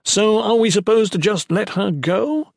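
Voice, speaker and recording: A man's voice: fairly high pitch, very animated, normal speed, no room sound, studio quality, pitched above the performer's own voice. A man voicing a hot-headed male priest who argues in a strained, raised voice. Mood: indignant.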